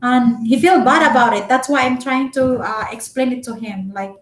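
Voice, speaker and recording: A young Filipino-accented woman, a Cebuano speaker, giving relationship advice in a chatty, loud-spoken live-stream vlog full of fillers. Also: fairly high pitch, normal speed. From Philippines. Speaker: vlogger. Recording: echoey room.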